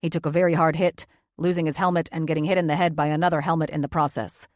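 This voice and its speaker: A brisk, matter-of-fact paramedic in an audiobook, as a woman narrator puts the voice on. The lines come lower and firmer than her narration, clipped and urgent, on a dry close mic. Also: flat delivery, dry recording, natural voice.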